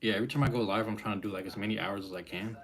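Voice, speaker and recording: A man's voice: lowish voice, steady tone, very fast. A young man casually chatting on his live stream, laid-back and rambling, with loose slang.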